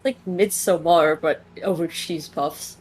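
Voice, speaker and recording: A woman's voice: on the low side, unhurried, a little mellow, poor audio. A woman player in a tabletop game, chatty and joking. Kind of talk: casual chat in a tabletop game.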